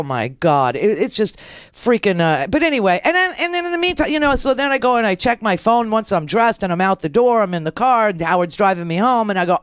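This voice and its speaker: A woman's voice: mid-range voice, clear, resonant tone, no echo, studio quality. A middle-aged woman radio host telling a story in a casual, sarcastic way, acting out the people in it. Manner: wry, sarcastic, acts out the people in her stories. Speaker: radio talk show host.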